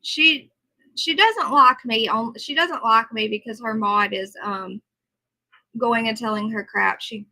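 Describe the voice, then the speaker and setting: A woman's voice: on the high side, gravelly, bright, forceful tone, rough recording. A tired woman hosting a casual livestream, chatting and answering viewers' comments. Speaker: livestream host.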